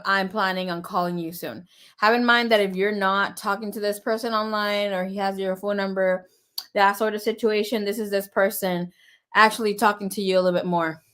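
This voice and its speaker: A woman's voice: medium pitch, fairly bright tone, clear, resonant tone. A woman giving a casual live tarot reading, chatty and rambling with fillers. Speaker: tarot reader.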